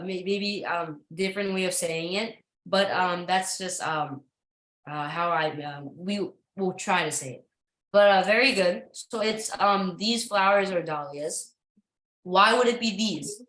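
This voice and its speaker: A woman's voice: medium pitch, unhurried, fairly bright tone, roomy sound, low-quality recording. A woman teaching an English lesson to a class, patient and encouraging, with frequent ums and uhs as she explains.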